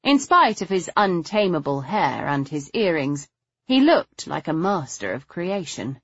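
Husky low-voiced woman narrating. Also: sing-song, a little slow, no room sound, dull audio. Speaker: audiobook narrator. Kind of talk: scripted first-person audiobook narration.

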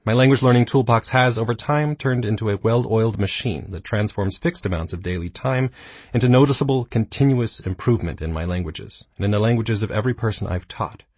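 Casting note: man in his thirties, low, husky voice, dry self-deprecating audiobook read, close and dry mic. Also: a little fast, darkish tone, no echo. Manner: dry, self-mocking humor. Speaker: audiobook narrator. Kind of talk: scripted nonfiction narration.

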